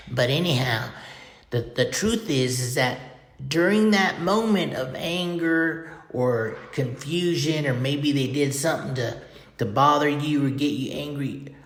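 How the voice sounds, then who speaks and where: Folksy drawling man in an echoey room. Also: a little high. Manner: folksy, drawling, laughs softly. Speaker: podcast host. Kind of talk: light-hearted monologue.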